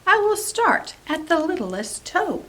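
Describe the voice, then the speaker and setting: A grouchy, greedy storybook giant as a woman reads him out rumbles through his rhymes. His delivery swoops up and down in a lively way and takes its time over every word. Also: slow, heavily acted. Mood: grumbly, greedy. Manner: rhyming, playful storybook delivery. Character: grumpy hungry male giant, growly and greedy.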